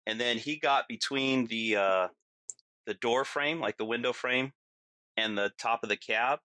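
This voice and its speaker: Bright-voiced man telling a story. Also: medium pitch, a little slow, no room sound. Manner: vivid, lots of fillers, acts out his own yelling. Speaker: podcast guest. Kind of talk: casual storytelling.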